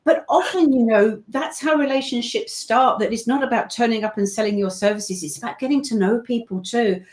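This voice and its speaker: A woman's voice: on the high side, fairly quick, a little mellow. Chatty British woman narrator. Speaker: guest, voice-over narrator. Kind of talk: casual video-call interview.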